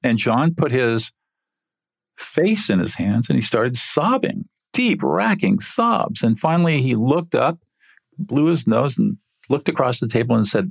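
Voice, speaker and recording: An older man, an interview guest, telling a story from his work in an earnest, animated way. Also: medium pitch, measured pace, vocal fry, slightly rough, no room sound, studio quality.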